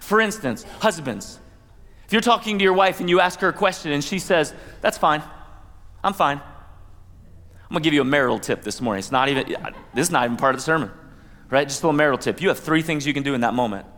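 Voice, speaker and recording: A man's voice: on the high side, lively intonation, fast talker, fairly bright tone. A man pastor giving a conversational sermon, with asides and playful quoted voices. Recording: long hall reverb.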